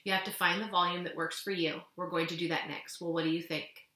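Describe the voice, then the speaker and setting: A woman's voice: on the low side, steady tone, fast talker, bright, forceful tone. A woman reading the lines of a friendly, playful male ear doctor who reassures a young patient. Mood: reassuring. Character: kind, joking adult male ear doctor. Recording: echoey room.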